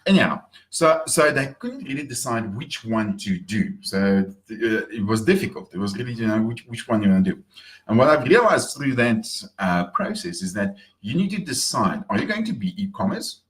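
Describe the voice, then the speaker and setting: A man's voice: fairly low pitch, sing-song, normal speed. A man talking casually in an upbeat morning vlog, repeating words as he goes. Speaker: marketing vlogger.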